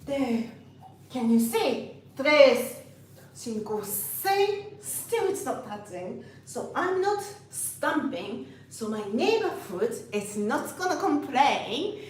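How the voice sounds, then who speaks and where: Slow-talking woman teaching flamenco in an echoey studio. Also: sits high, big pitch swings, darkish tone. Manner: slow, patient, sings out counts and rhythm syllables. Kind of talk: dance lesson with counting and rhythm syllables. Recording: echoey room, mic far off, faint noise.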